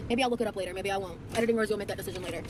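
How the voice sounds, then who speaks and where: A woman's voice: mid-range voice, very fast. A tired young woman vlogging in casual, rambling chat with lots of fillers, played back from her video. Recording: vlog audio with clear background noise.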